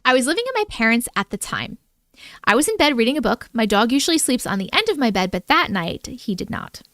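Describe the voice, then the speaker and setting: High-voiced woman reading stories on a livestream. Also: sing-song, fast, fairly bright tone, no echo. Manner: chatty, breaks into her own reading with startled reactions. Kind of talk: casual live chat and reading stories aloud.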